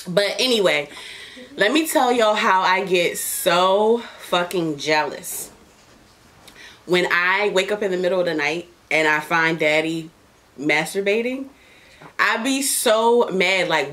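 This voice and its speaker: A woman with a fairly low, slightly bright voice hosts a casual podcast while smoking. She talks bluntly and profanely and jokes around, laughing and coughing between lines.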